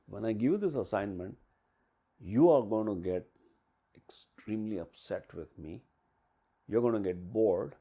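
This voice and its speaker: Male business mentor, storyteller, voices swing widely in pitch and volume as he acts things out. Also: husky. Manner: animated, acts out quotes and sounds with big swings in pitch and loudness. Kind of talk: storytelling coaching talk.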